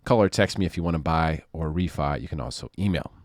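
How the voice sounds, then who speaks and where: A low-voiced man talks through mortgage markets in a loose, animated commentary, leaning on sarcasm and repeating words to drive a point home. His voice is close and dry, with no room around it. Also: fast talker, dry recording. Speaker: mortgage loan officer.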